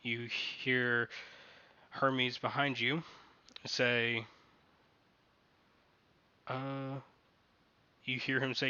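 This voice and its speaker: Slow, bright-voiced male game master. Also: mid-range voice, little pitch movement, smooth, dull audio. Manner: halting, restarts and corrects his sentences. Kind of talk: narrating a tabletop game playtest.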